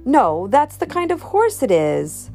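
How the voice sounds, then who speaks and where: A man's voice: extremely high pitch, wildly swooping pitch, unhurried, gravelly, a little mellow, soft background music, voice pushed up, heavily acted. A woman voicing a cheerful, adventurous grandfather in a children's storybook. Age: older. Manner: jolly, upbeat, brave.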